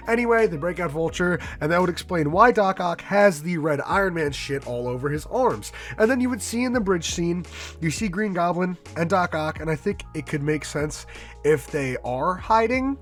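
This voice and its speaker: A man's voice: a little high, animated, fairly quick, fairly bright tone, soft background music. A man hosting a casual fan-theory vlog, rambling in a slangy, loose way and swearing now and then. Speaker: movie vlogger host.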